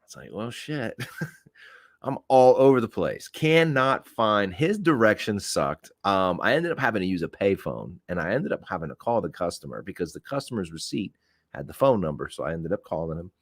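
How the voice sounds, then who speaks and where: A man in his forties tells a casual story on his podcast, laughing and swearing freely. His voice sits low but swings widely and lively. The sound is dry and close. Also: moderate pace, no echo. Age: 40s. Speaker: podcast host.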